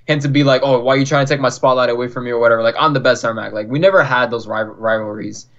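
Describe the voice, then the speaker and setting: A man's voice: medium pitch, steady tone, very fast, a bit bright. A young man from Florida, a podcast guest, telling stories in a chatty way, full of "like" and acted-out quotes. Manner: chatty, fills talk with "like", acts out quoted dialogue. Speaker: podcast guest, competitive fighting game player. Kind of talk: casual storytelling. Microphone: online call. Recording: dull lo-fi call audio.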